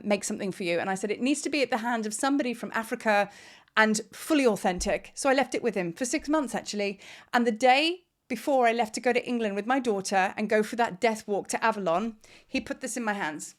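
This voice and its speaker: A woman spiritual teacher talking casually to her camera at home, rambling and heartfelt, holding back tears. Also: a little high. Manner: rambling, heartfelt, trying not to cry. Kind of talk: casual vlog talk to camera. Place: at home in Cape Town.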